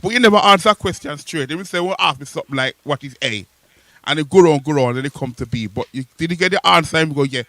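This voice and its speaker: Playful man, bright dry voice. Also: fairly high pitch, fast, no echo. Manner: playful, argumentative, sends shout-outs. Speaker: co-host and DJ. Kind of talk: casual radio banter.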